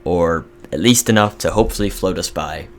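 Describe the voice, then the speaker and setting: A young man giving casual, excitable commentary over a strategy game, reading game events aloud. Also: low-pitched, fairly quick. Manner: chatty, excitable, reads in-game text aloud. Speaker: gaming video host. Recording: faint music behind.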